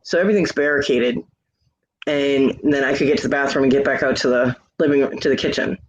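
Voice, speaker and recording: This streamer talks quickly in a mid-range voice, rambling through a lengthy story while hanging out with friends. Profanity flows freely, and he quotes the others involved; the mic sounds muffled and lo-fi, with faint hiss.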